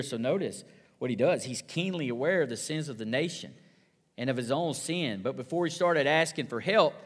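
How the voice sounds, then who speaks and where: A man preaching a sermon to his congregation, passionate, dropping to a hush and then rising loud. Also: fairly high pitch. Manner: impassioned preaching, swinging from hushed to loud. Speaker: pastor. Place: church sanctuary. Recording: long hall reverb.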